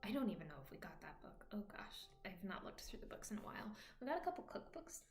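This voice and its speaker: A woman's voice: mid-range voice, sing-song, quick pace. A woman chats casually while streaming from home, drifting from topic to topic. She often sinks to a whisper. Her voice bounces around an echoey room over faint music. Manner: rambling, often drops to a whisper. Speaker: vlogger.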